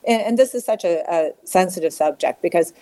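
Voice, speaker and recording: A middle-aged woman speaking candidly as an interview guest, halting and repeating words as she talks. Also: fairly low pitch, lively intonation, dark tone, rough recording. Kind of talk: emotional personal interview.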